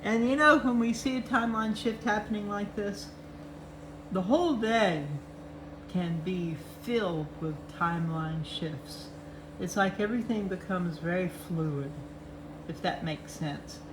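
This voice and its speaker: Older woman, slow chatty talk, cheerful, faint room hum behind. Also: mid-range voice. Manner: chatty, cheerful, talks sweetly to her cats. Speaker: host of a chart update show. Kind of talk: casual chat reviewing charts.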